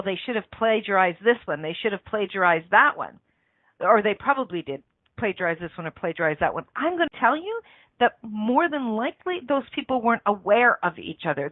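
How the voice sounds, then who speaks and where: On this motivational radio show, the female host talks in an earnest, coaching style, echoing key phrases for emphasis in a fairly high voice. The audio is dry, echo-free, and thin like a telephone call.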